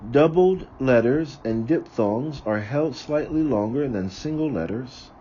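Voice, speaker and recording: A man reading aloud from a book, slowly and carefully, sometimes correcting himself. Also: medium pitch, lively intonation, dark tone, breathy edge, muffled recording. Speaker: reader of a book on ritual.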